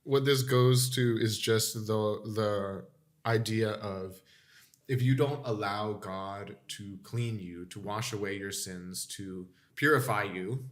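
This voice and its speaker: A man's voice: on the low side, slow. A young man co-hosting a casual faith podcast, playful and laughing a lot. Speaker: podcast co-host. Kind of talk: casual chat on scripture.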